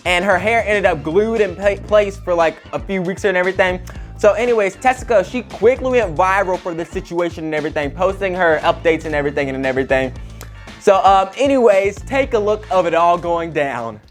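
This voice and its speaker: A man's voice: high voice, fairly quick, soft background music. A young man hosting a talk show, telling rambling gossip stories with lots of fillers. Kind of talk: casual gossip storytelling.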